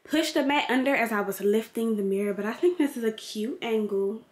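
A woman's voice: on the high side, a little fast, echoey room. A young woman vlogging casually at home, chatting bluntly with slang and the odd swear word while she decorates her bedroom. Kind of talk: casual chat.

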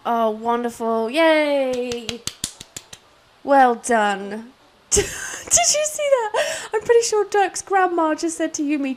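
A woman's voice: high voice, sing-song, measured pace, soft background music. A British woman giving cheeky, sweary, teasing commentary over a life-sim game she is playing. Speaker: gameplay commentator. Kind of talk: casual let's-play commentary.

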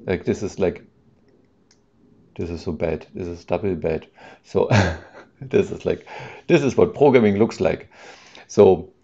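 A man with a deep, gravelly, mellow voice talks through code on a casual live stream, hesitating often and restarting his sentences. The audio is dull and lo-fi. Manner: thinks aloud, hesitant, with many ums and restarts; reads out and answers chat questions with amusement.

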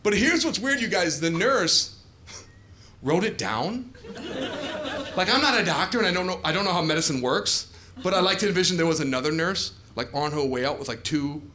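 A man in his forties doing an animated stand-up comedy set on a club stage, telling stories and jumping into shouted asides, with audience laughter in the recording. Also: a little high, moderate pace, noisy background.

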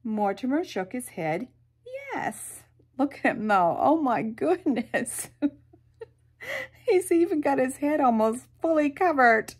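A woman reading a picture book aloud to children, animated, with sound effects and soft whispered asides. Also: high-pitched, slow pace, husky. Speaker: storyteller.

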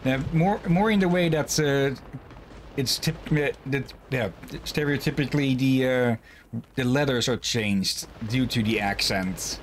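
A man's voice: mid-range voice, measured pace, slight background noise. A man casually commenting while streaming a game, rambling and self-deprecating, often restarting his sentences. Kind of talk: casual let's-play commentary.

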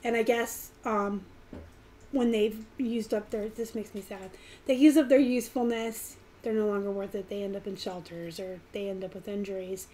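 A woman hosting a casual live stream, talking in a chatty, animated way with bursts of fast talk. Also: medium pitch, a little hiss or hum. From Pittsburgh area, US. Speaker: live stream host, reseller.

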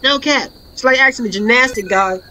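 A woman streaming a horror game, commenting in a playful, slangy, trash-talking way and breaking into excited shouts. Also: on the high side, fairly quick. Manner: excitable, bursts into laughing shouts. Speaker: gaming streamer. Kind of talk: let's play commentary.

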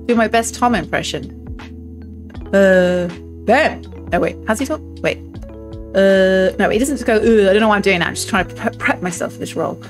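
A woman's voice: medium pitch, brisk, soft background music. A woman chatting casually, laughing and breaking off as she keeps trying out voices. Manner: giggly, self-interrupting, trying out voices. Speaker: streamer. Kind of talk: casual chat.

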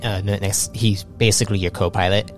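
A man narrating a tabletop game as game master, halting with many restarts. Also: on the low side, steady tone, music in the background.

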